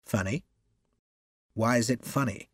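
A man voicing an irritable, moody male novelist who speaks curtly and growls, in a husky voice. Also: medium pitch, a little slow, dry recording, clean studio sound. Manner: curt and growling.

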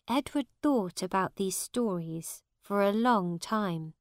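Slow expressive woman narrating a storybook. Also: medium pitch, dry recording, studio quality. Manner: slow, clear, expressive reading.

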